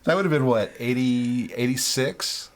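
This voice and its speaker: A man's voice: medium pitch, moderate pace. A man in his forties, co-hosting a podcast in an easygoing, agreeable way. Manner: laid-back, easygoing, agrees a lot. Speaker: podcast co-host. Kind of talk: casual chat.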